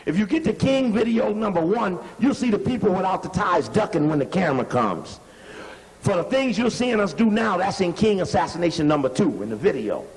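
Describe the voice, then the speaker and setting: High-voiced man, emphatic video commentary. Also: very animated, brisk, long reverb tail, poor audio. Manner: emphatic, repeats points, directs playback. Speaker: lecturer analyzing archival footage. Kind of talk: animated commentary over video playback.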